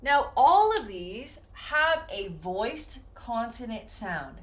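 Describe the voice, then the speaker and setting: A woman teaching an English pronunciation lesson, speaking slowly and modeling example words carefully. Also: a little high, very animated. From United States.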